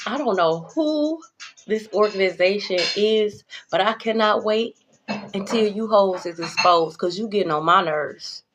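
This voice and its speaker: A woman giving a spiritual tarot reading to her viewers, blunt and profane, swinging between calm reassurance and heated calling-out. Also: mid-range voice, measured pace, background noise. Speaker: tarot reader. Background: background music.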